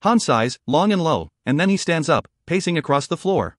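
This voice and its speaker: A man narrating a first-person fantasy audiobook with expressive storytelling. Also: on the high side, moderate pace, no room sound, clean studio sound.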